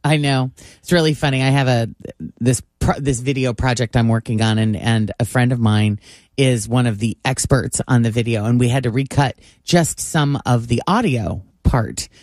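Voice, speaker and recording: A man, a small business owner, chatting as a guest in a radio studio, animated and laughing often. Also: mid-range voice, normal speed, no room sound. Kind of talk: casual studio chat.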